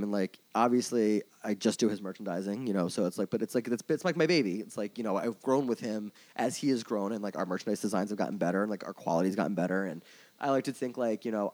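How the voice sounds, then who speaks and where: Fast-talking man telling a rambling story. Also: fairly low pitch. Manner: rambling, peppered with "like" and swearing; candid, openly emotional. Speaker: tour manager and merch coordinator guest. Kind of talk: casual podcast storytelling.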